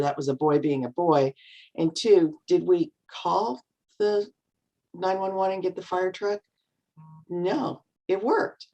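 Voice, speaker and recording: Middle-aged woman, low voice, calm storyteller guest, does little voices for quotes. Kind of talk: casual storytelling chat.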